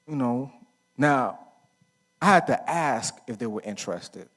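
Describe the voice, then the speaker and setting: In an unhurried, mid-range voice that's a bit bright and lively in intonation, a middle-aged speaker addresses a men's conference. He talks casually through stories, asks the audience questions and answers them himself, and uses slang plus fillers like "right?"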